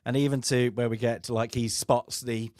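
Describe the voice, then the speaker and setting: A man in a relaxed film-podcast chat, rambling through an anecdote and breaking into laughter, slipping into the voices of the people in his story. His voice sits at an ordinary middle pitch and is recorded dry and close, with no room sound. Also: normal speed, no echo. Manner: chatty storyteller who laughs often and acts out quoted voices. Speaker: co-host of a film review podcast. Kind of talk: casual chat, telling an anecdote.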